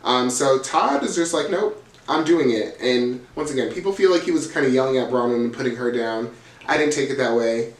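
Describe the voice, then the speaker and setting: A man's voice: medium pitch, recorded from a distance. Gossipy man recapping reality TV. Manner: gossipy, profane, dramatic retelling. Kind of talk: casual recap vlog. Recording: roomy, from off the mic.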